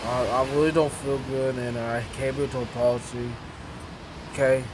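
A man vlogging a casual, rambling apology to camera, halting and repeating himself. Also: mid-range voice, little pitch movement, noisy background. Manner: repetitive, halting, with restarts.

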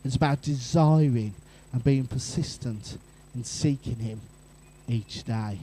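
A man's voice: medium pitch, a little slow, slight background noise, low-quality recording. A man preaching a sermon in church, telling family stories and asking the congregation along. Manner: lively storytelling with asides to the congregation. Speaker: pastor.

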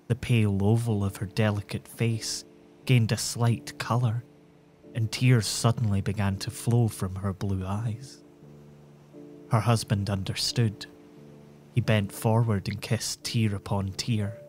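A man reads a bedtime story in a calm, measured, soothing way. His voice is low and even, unhurried, with gentle music faintly underneath.

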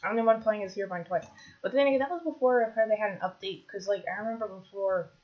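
A woman commentating her own gameplay, chatty, bursting into excited shouts when things go wrong. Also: mid-range voice, quick pace, muffled recording. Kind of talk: Minecraft let's play commentary.

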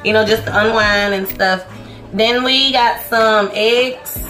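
A sassy woman talks through a grocery haul in an echoey kitchen, her voice sitting a little high. She teases and scolds her kids while listing prices. Music plays underneath throughout. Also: steady tone, takes it slowly, fairly bright tone. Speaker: family vlogger. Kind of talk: casual grocery haul vlog. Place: home kitchen with children around.

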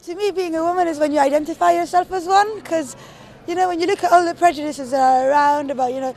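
A woman giving her opinion in an interview, animated and firm. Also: extremely high pitch, quick pace. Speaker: student interviewee. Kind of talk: street vox pop answer.

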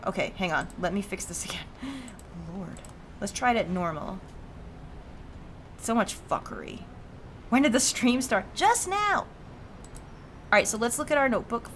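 A woman's voice: mid-range voice, expressive, normal speed, fairly bright tone, slight background noise. Chatty woman streamer reading game lines. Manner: chatty, swears freely, laughs often. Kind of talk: casual let's-play commentary, voicing game dialogue.

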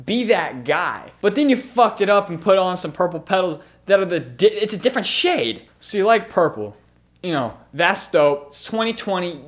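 Brash, foul-mouthed young man roasting bikes. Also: high-pitched. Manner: crude, brash and mocking, swears often. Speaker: BMX channel host. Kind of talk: comedic bike roast vlog.

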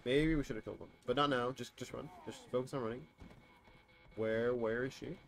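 A man's voice: mid-range voice, fairly quick, vocal fry. A young man streaming a co-op game live, reacting in exasperation to his partner and reading his chat. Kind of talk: live gameplay commentary.

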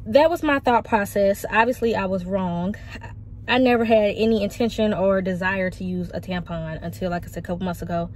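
A woman's voice: medium pitch, a little fast, darkish tone. Young woman vlogger in her twenties, candid and confiding, talking in her car into a phone, light background noise. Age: 20s. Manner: frank, emotional, confiding. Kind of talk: candid personal vlog. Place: parked car.

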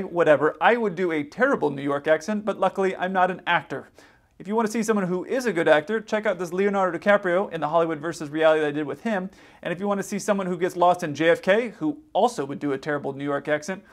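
A man hosting an aviation video, giving casual, plain-spoken advice and commentary. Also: a little high. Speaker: pilot and aviation YouTuber. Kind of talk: commentary on radio clips.

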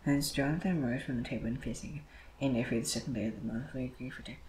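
A man reading scripture aloud, moving quickly and often stumbling over words and starting lines again. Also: medium pitch, a little mellow, slight background noise, low-quality recording. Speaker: Bible reader.

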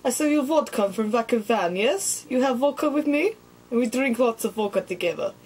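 A woman's voice: a little high, expressive, fairly quick, a little mellow, husky, rough recording. A woman putting on a jokey mock Russian drinker. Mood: jovial. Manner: heavy mock Russian accent, broken English. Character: stereotypical Russian vodka-loving stranger.

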